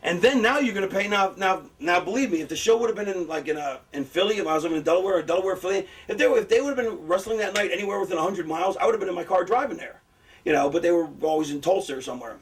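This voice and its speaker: A middle-aged man tells stories in a loose, profane ramble, jumping into animated impressions of excited fans. His voice sits high for a man. He sounds a little distant from the microphone. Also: very fast. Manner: animated, acts out fan reactions in a higher voice. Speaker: former wrestler talking about booking. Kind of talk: casual rambling storytelling with profanity.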